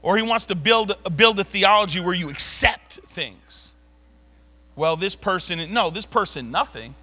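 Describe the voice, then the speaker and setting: A male preacher with a high, piercing, bright voice tells a story from the pulpit in a church. He swings from low murmurs to loud shouts and laughs through much of it. The delivery is fast and animated. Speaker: pastor. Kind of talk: sermon with personal story.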